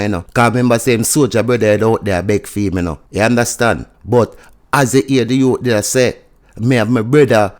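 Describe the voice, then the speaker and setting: A man with a Jamaican accent giving a chatty news review, mixing patois into standard English. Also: medium pitch. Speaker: news commentator.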